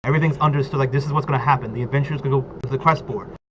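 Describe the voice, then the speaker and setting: This man's steady, mid-range voice comes out rapid-fire as he rambles through a casual talk about tabletop role-playing. He fills it with "like" and "right?". Background noise is plainly audible on the dull, lo-fi recording.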